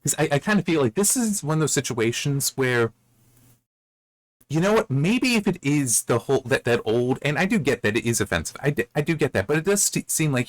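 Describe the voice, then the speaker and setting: A man's voice: fairly high pitch, dry recording. Guy rambling about a book he read, lots of restarts, dry close mic. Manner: rambling, with many restarts and asides. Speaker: book reviewer. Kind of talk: casual spoken book commentary.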